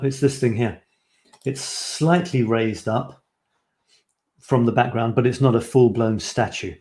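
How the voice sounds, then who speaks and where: A man's voice: medium pitch, gravelly, darkish tone. A middle-aged man hosting a live writing show, chatting casually and reading his own short pieces aloud with playful, self-mocking asides.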